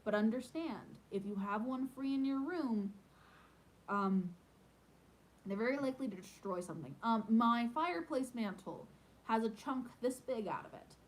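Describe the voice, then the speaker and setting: A woman with a fairly high voice talks casually to her viewers. She rambles along with frequent ums. She grows animated and playful as she tells her stories. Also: normal speed, rough recording. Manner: animated and playful when telling pet stories. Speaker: homestead vlogger answering viewer questions. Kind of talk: casual chat.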